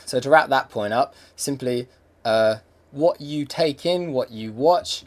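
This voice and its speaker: A man's voice: mid-range voice, measured pace. Rambling English man musing aloud. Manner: rambling, reflective, many fillers and restarts. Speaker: podcast host. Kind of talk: casual monologue.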